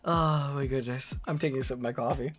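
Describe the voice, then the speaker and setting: A woman streamer chatting through a live reaction, rambling and animated, breaking into laughs and shouts. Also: rumbling low, fast, faint music behind. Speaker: streamer reacting to a lore video.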